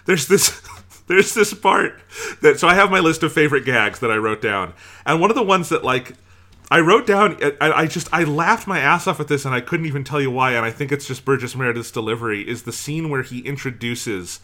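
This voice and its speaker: Bright-voiced animated man. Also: medium pitch, brisk. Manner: animated, profane, stumbles and restarts. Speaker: podcast co-host. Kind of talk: casual film discussion.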